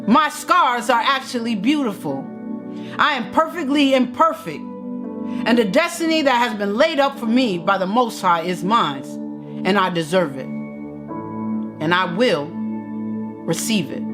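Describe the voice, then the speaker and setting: A woman's voice: on the high side, sing-song, normal speed. A woman in her thirties giving an earnest motivational talk to her viewers, repeating phrases like affirmations. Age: 30s. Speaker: motivational vlogger. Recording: music playing behind the voice.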